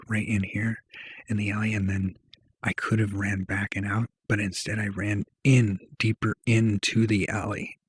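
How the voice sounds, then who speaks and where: A young male vlogger with a low, slightly breathy voice tells a personal story to camera, rambling and slangy, packed with fillers, in casual storytelling.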